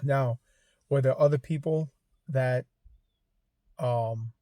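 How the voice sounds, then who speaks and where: A man in his fifties, making a heartfelt vlog appeal to his viewers, halting and choked up, fighting back tears. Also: medium pitch, warm tone, no echo. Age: 50s. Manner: halting, many ums and restarts. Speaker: vlogger. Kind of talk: emotional personal vlog appeal.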